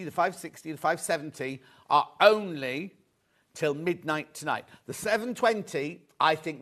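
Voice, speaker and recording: Middle-aged male host from England, chatty and upbeat, slightly high-pitched, pushing deals on a live shopping show. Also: fairly bright tone. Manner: chatty, upbeat salesman patter, reads viewer messages. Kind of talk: live sales presentation.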